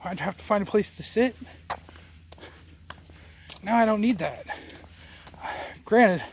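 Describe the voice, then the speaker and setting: A New Jersey vlogger's high-pitched voice moves slowly with lively intonation and vocal fry as he walks outdoors, camera in hand. Over a little hiss or hum, he rambles, full of fillers and restarts.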